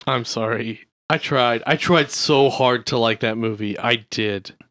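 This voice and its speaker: A young man co-hosts a casual podcast, rambling through crude hypotheticals with constant fillers. His voice is mid-pitched and the sound is close and dry. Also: a little slow, a bit bright, no echo. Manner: rambling, full of "like". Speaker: podcast co-host.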